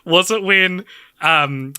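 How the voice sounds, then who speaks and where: A man co-hosting a podcast in casual film chat, excitable and laughing, with lots of "like" fillers. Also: high-pitched, takes it slowly, clean tone, dry recording, studio quality. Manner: excitable, laughing, heavy use of "like". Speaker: podcast co-host.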